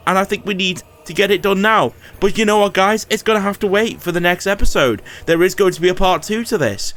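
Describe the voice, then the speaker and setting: A man's voice: sits high, fairly quick, hardly any pauses, a bit bright. Swearing gamer narrating his strategy game. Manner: swears, talks to enemy AI lords in frustration. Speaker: gaming YouTuber. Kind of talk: casual gameplay commentary.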